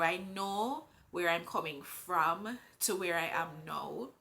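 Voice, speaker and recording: A pregnant woman with a Jamaican accent shares a heartfelt personal vlog, speaking earnestly, unhurriedly, and with strong faith. Her voice is fairly low, gravelly, and sharp in tone.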